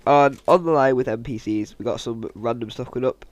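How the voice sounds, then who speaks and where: A man's voice: mid-range voice, a little fast, lo-fi sound. Chatty man recapping game leaks. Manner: chatty, jokey asides, self-described monotone delivery. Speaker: gaming YouTuber. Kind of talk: casual game-news commentary over gameplay.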